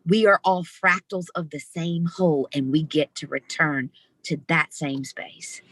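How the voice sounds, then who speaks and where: Female guest, lower pitch, bright and expressive, dry close sound, video call. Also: unhurried, no room sound. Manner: animated, expressive storyteller. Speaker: interview guest. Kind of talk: storytelling in conversation.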